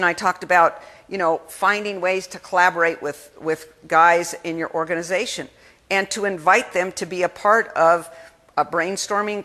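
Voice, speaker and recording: A woman giving an energetic keynote speech at a conference, talking in a lively, conversational way and acting out the people she quotes. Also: lowish voice. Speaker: keynote speaker. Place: conference hall. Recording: long hall reverb.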